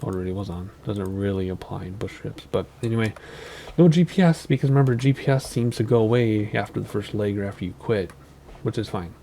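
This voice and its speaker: A man's voice: fairly low pitch, quick pace, mellow. A tired, sleep-deprived man hosting a flight sim channel, giving casual, rambling gameplay commentary with many ums and self-corrections.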